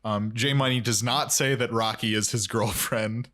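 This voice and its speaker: A young man co-hosts a rewatch podcast, walking through each scene and slipping into quick impressions of the characters' lines. His voice sits at an ordinary middle pitch for a man. The talk is relaxed and chatty. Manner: recaps scenes, acting out lines in quoted voices. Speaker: podcast co-host. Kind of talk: casual rewatch chat.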